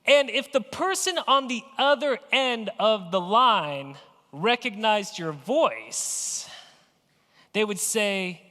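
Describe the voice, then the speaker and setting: Male pastor with a high voice, preaching chatty, story-driven sermons; reverberant church hall. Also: expressive, slow pace, sharp tone. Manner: conversational storytelling, playfully acting out phone calls. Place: church sanctuary.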